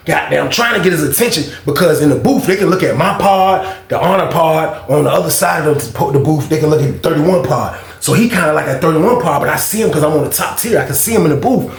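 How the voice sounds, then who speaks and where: Gravelly man telling a story animatedly. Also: a little high, reverberant. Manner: animated, profane, acts out both sides of dialogue. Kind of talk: casual storytime vlog.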